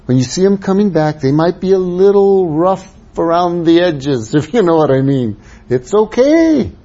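A man preaching with a husky, mellow voice, pitched a little higher than most men. He drops into soft, low asides, then rises into raised, urging exhortation. The recording sounds dull and lo-fi. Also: big pitch swings, normal speed. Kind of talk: sermon.

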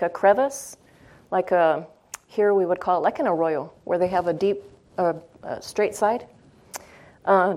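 A woman's voice: fairly low pitch, darkish tone. A woman teaching a Bible study in a conversational way. She often checks in with her listeners and repeats phrases for emphasis.

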